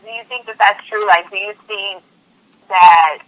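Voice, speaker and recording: A woman's voice: medium pitch, measured pace, a bit bright, low-quality recording. A woman from the US West Coast, hosting a podcast in loose, slangy casual chat full of fillers and laughter. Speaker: podcast host.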